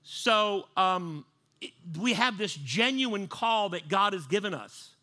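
A man with a high, sharp voice preaches a sermon conversationally, speaking slowly with lively intonation. He often repeats and restarts his words and acts out panicked voices.

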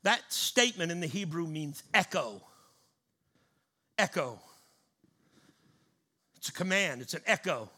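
A male preacher delivering a fervent sermon, swinging between loud bursts and hushed asides. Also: fairly high pitch, big pitch swings, a little slow, long pauses, husky.

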